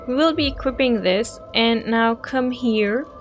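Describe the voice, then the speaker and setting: A woman's voice: fairly high pitch, measured pace, faint music behind. A woman hosting a game walkthrough, giving chatty, emotional gameplay commentary.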